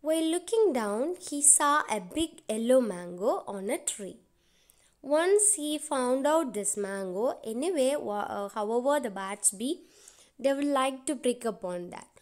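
A woman teacher retells a children's story for young pupils. She speaks in a high voice and goes over each point again in simple words. She often links her sentences with "so". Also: expressive, measured pace, darkish tone. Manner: simple, repetitive explaining with frequent "so".

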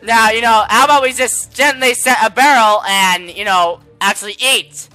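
A teenage boy role-playing a restaurant worker during a game in an animated, playful way, often bursting into shouts. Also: sits high, moderate pace, faint music behind. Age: teens.

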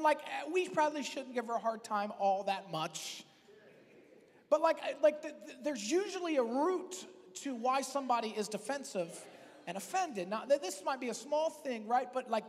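A man preaching a sermon as pastor, talking in a conversational, joking way that breaks into loud, emphatic bursts. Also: very high-pitched. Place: church hall. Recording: long reverb of a church hall.

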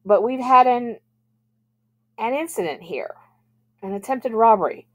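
Brief: female reader doing a calm middle-aged manager, reassuring and steady. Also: a little high, measured pace, pitched above the performer's own voice.

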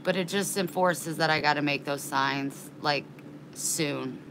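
A woman's voice: sits low, a little slow, background noise. A woman chatting in a casual vlog, rambling and frank, getting worked up and indignant, with casual swearing. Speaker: vlogger.

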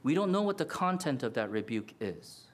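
A man preaching a sermon as pastor, earnest and animated, acting out quoted lines. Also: mid-range voice, normal speed.

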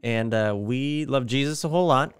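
Young male pastor, clear smooth tone, dry close sound, easygoing podcast banter. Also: medium pitch, moderate pace, no echo. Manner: relaxed, joking, hesitant with fillers. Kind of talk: casual podcast chat.

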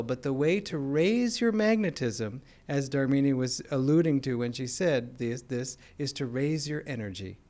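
A man with an American accent giving an informal spiritual talk, explaining in a conversational way with gentle humor. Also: mid-range voice. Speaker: spiritual teacher.

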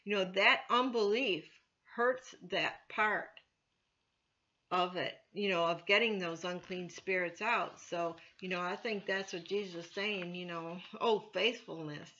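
Woman church elder, casual Bible teaching, bright voice, filler-heavy, dull lo-fi sound. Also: lowish voice, unhurried. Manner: conversational, many "you know" fillers, earnest. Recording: dull lo-fi recording.

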